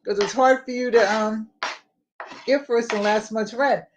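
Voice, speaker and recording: A woman's voice: fairly high pitch, fairly even intonation, measured pace. An older woman talks casually to her live viewers while she cooks in her home kitchen. She rambles from topic to topic and greets people by name. A faint hiss of noise sits under her voice. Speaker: home vlogger. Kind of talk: casual live-stream chat while cooking.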